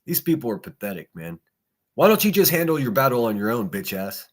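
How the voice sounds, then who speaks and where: A man's voice: medium pitch, very animated, a little fast. Mocking, profane man hosting a livestream. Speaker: podcast host. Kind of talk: solo livestream reaction commentary.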